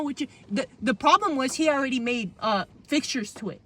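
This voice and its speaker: A woman's voice: fairly high pitch, quick pace, hardly any pauses, fairly bright tone, no echo. A young adult woman hosting a podcast, telling a childhood story in casual slang and acting out the quotes. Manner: chatty, heavy on "like" and "bro", acts out quotes. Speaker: podcast host.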